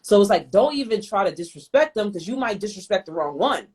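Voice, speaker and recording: Lively streetwise New woman. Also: mid-range voice, brisk. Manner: animated, streetwise, swearing freely. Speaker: host. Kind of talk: casual live-stream chat. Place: at home.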